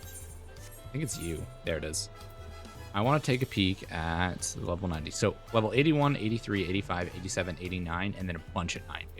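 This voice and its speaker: A man's voice: deep voice, expressive, brisk, soft background music. A male streamer chatting casually during a live game stream, rambling with lots of fillers. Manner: rambling, filler-heavy talk.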